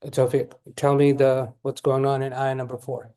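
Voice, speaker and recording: A man teaching tajweed, patiently correcting students and modeling the recitation slowly. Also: medium pitch, monotone, warm tone, clean tone.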